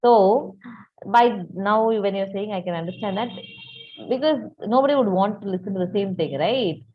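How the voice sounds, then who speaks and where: A woman's voice: medium pitch, normal speed. A woman hosting an interview, agreeing often with short affirmations and relating the advice to a parent she knows. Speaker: interviewer host. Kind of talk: casual interview chat. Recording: dull lo-fi audio.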